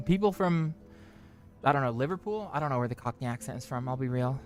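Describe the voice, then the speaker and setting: A man's voice: medium pitch, animated, fast, soft background music. Young man rambling through a casual stream. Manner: rambling, chatty, self-mocking. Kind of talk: casual chat while gaming.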